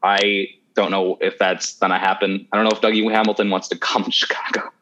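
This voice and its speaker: A man's voice: low voice, flat delivery, brisk, bright, forceful tone, slight background noise. A man co-hosting a podcast in casual chat, hesitant with many ums and restarts. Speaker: podcast co-host. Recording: slightly dull lo-fi audio.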